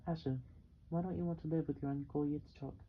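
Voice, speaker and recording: A man reading as a soft-spoken, lonely mother. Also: fairly high pitch, little pitch movement, brisk, dull audio, slight background noise, lightly acted. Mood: reproachful. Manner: soft, quiet delivery.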